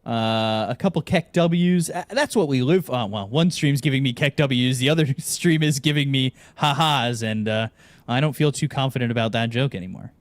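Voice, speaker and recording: Between matches, a male esports broadcaster keeps up relaxed banter and spins long, animated jokes. His voice is medium-pitched at a moderate pace, with no echo.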